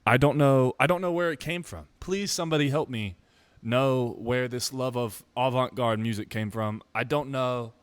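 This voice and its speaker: A man's voice: mid-range voice, moderate pace, clean tone, no room sound. Young man, casual rambling vlog monologue, self-mocking, dry close recording. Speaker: musician vlogger.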